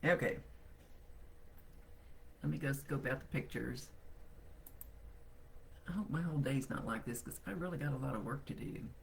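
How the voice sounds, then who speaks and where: Gravelly-voiced woman host, blunt and grumbly, casual live-stream chat from home, faint background hum. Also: rumbling low, normal speed, long pauses. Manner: blunt, grumbling, swears freely. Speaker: psychic medium hosting a weekly livestream.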